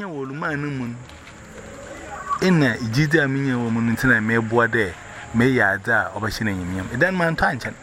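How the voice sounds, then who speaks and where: A man's voice: on the high side, creaky. Rambling man, noisy recording.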